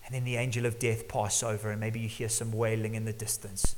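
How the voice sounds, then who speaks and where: Male pastor, middle-aged, mid-pitched voice, earnest sermon, sinks to a hush for emphasis, long echo of a church hall. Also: level tone, quick pace, hardly any pauses, a little hiss or hum.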